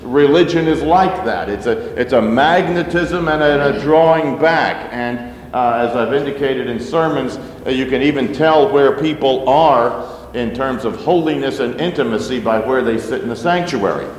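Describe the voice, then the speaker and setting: A male pastor at medium pitch and moderate pace delivers a casual, rambling sermon to his congregation, full of fillers and side remarks. A little hiss or hum sits under the recording, made in a roomy sanctuary with long reverb.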